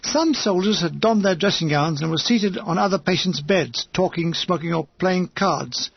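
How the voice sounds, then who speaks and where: A man's voice: sits high, normal speed, creaky, husky, no echo, lo-fi sound. A man reading a comic war memoir aloud as an audiobook narrator, with a wry, dryly comic delivery.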